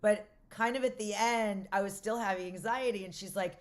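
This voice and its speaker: A woman's voice: medium pitch, moderate pace. A woman in her forties, a comedian guest on a podcast, telling a story in a brash, profane way and acting out the voices of the people in it. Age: 40s. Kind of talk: casual podcast chat, storytelling.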